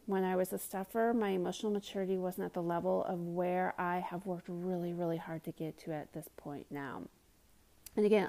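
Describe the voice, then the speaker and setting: A woman's voice: mid-range voice, dark tone. A woman hosting a self-help podcast, talking earnestly and conversationally as a mother, sometimes dropping to a whisper for emphasis. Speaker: podcast host.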